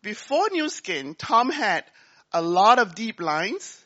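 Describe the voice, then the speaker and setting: Lively woman telling a business story. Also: mid-range voice, slow pace, lo-fi sound. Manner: animated, acts out dialogue, laughs often. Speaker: business speaker. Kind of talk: storytelling talk.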